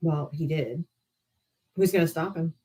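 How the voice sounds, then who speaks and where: A woman's voice: low voice, measured pace, warm tone, slightly rough. A woman hosting a live political debate stream, ranting in a casual, profane, sarcastic and heated way. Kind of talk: casual livestream rant.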